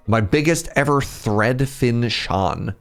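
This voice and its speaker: A man's voice: mid-range voice, lively intonation, takes it slowly, creaky. A man with a Pacific Northwest Canadian accent, chatting casually and rambling as he answers viewer questions while playing a game on a live stream.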